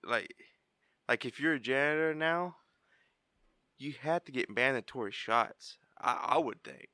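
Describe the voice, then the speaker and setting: A man's voice: mid-range voice, a little slow, sharp tone, no room sound, clean studio sound. A man co-hosting a podcast, joking around with crude, slangy, profane talk. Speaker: podcast co-host. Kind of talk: crude casual banter.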